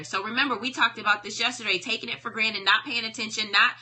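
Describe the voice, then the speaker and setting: Bright-voiced woman hosting a live book talk. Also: a little high, steady tone, fast talker, hardly any pauses. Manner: conversational, preacherly, checks in with "right?". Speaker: live-stream host reading a self-help book. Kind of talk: live-stream book discussion.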